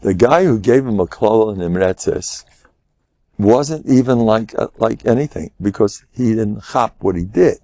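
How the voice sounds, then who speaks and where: An older man, giving an animated storytelling class as a rabbi. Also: on the low side, unhurried, no echo. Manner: animated, acts out quotes in raised voices, laughs often. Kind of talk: lively storytelling lecture.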